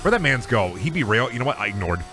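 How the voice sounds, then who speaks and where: A man's voice: mid-range voice, sing-song, fast, over music. A man streaming a game in casual, crude, goofy commentary, rambling between jokes and trash-talk at opponents.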